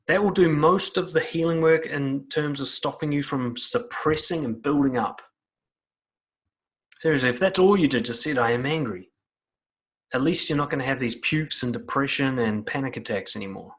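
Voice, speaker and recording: Aussie guy coaching you, swears a lot, blunt and emphatic, mid-pitch voice. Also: moderate pace, long pauses, fairly bright tone. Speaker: self-help coach. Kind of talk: direct-to-camera advice talk.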